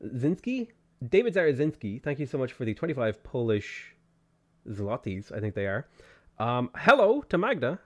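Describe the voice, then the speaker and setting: A man's voice: medium pitch, sing-song, normal speed, a little mellow. A man with an Irish accent chatting casually on a game stream, reading viewer messages aloud and answering them as he plays. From Ireland. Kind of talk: casual gaming stream chat.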